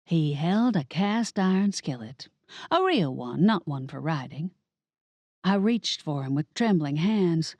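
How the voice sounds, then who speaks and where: Woman narrator for a comic mystery audiobook; wry, very expressive rise and fall. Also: lowish voice, unhurried, dry recording. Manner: animated, wry, dramatic. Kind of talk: first-person audiobook narration.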